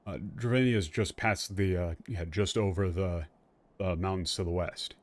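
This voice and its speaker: A man's voice: low voice, normal speed. A man streaming a game and explaining its story in casual, rambling commentary, full of fillers and restarts and the odd swear word. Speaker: streamer playing and translating a game.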